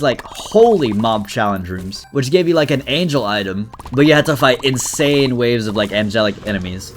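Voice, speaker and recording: Excitable young man commentating gameplay. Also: medium pitch, slight background noise. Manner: excitable, quick to laugh, chatty asides. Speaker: gaming YouTuber.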